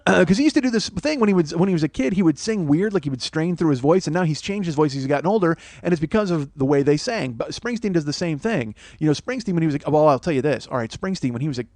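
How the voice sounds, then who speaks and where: A man's voice: on the high side, expressive, quick pace, hardly any pauses, a little mellow, dry recording. A man hosting a podcast, telling a comic story in a rambling, profane, self-mocking rant. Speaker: podcast host. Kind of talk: comedic storytelling monologue.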